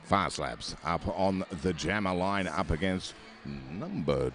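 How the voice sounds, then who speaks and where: This Australian man commentates a roller derby bout live into a headset, with soft music behind him. His low voice is animated and fairly bright but unhurried, and his chatty, rambling patter is full of fillers and jokes at his own expense.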